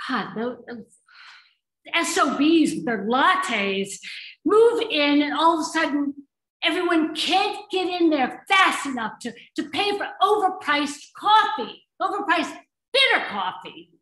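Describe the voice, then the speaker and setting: A feisty widow, grieving and plotting revenge, played by a woman in a stage play. Her voice is high and swings widely, sharp and indignant. The room echoes around her. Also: lively intonation, slow, heavily acted. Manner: indignant, wry, emotional. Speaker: stage actor.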